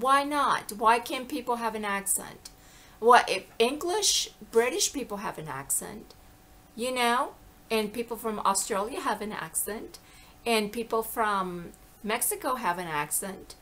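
A woman talks straight to the camera in a loose, rambling monologue with a bright, forward tone. She stays animated, wanders from point to point, and keeps dropping into little voices for the people she quotes. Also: a little high, unhurried. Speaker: vlogger. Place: lives in the American South.

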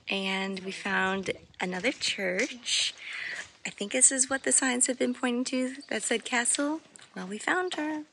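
A woman's voice: medium pitch, bright, forceful tone. A young woman, chatting casually as a travel vlogger, bubbly and full of "like". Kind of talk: casual vlog narration. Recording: outdoor vlog with clear background noise.

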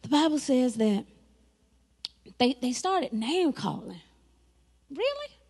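A woman pastor preaching a sermon, lively and dramatic, with laughs and spoken asides. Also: high-pitched, slow pace, slightly rough.

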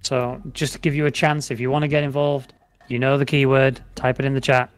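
A man's voice: mid-range voice, little pitch movement, fairly quick, clean tone. A British man co-hosting a live gameplay stream, chatting, joking and repeating giveaway instructions. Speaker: streamer co-host.

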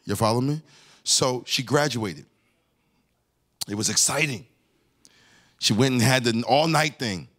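A man in his forties preaching a conversational sermon, telling a family story and talking straight to his congregation, his voice climbing to near-shouts. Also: mid-range voice, a little slow, long pauses. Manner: lively, addresses the congregation directly, rising to near-shouts. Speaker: pastor. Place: church sanctuary.

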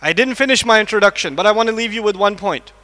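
A man's voice: sits high, quick pace, pushed and bright. A man giving a lecture to a live audience in a large mosque hall, quizzing the listeners with repeated questions. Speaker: Islamic lecturer. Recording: long echo of a mosque hall.

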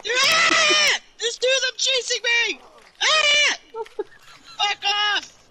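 Shrieking high-voiced woman panicking in game. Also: steady tone, measured pace, sharp tone. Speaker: gamer. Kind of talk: screaming live gameplay reactions.

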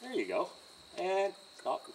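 A man teaching horse handling outdoors by a trailer, in a calm coaching manner with frequent okays and chuckles. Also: high-pitched, slow pace, distant mic, slight background noise, poor audio. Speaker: horse trainer. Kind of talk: hands-on training demonstration.

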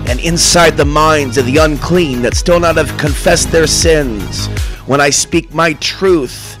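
A man from Portland delivering an impassioned sermon monologue, theatrical and swinging from murmurs to shouts. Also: on the high side, unhurried, over music. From Portland, Oregon. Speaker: self-styled preacher.

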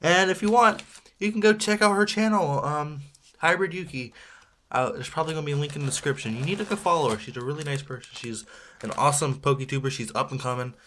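A man with a fairly bright voice on the high side talks fast while opening toy packs for an unboxing video. He rambles and chats casually, joking at his own expense with small laughs, and there's slight background noise.

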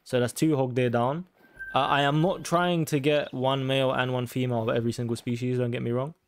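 A young man giving casual, sweary commentary on a hunting game and taunting the animals loudly. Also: mid-range voice, steady tone, brisk, clear, resonant tone, no room sound. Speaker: gaming YouTuber.

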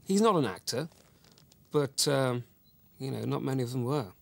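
A man's voice: medium pitch, lively intonation, normal speed, gravelly. An actor playing a pretentious, self-regarding male actor, talking earnestly in a mock documentary interview. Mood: patronising. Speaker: actor in the series.

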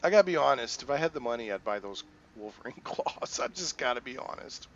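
A man's voice: mid-range voice, expressive, quick pace, muffled recording. A man casually commenting on a video game as host, thinking aloud and reading on-screen text. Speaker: let's play host.

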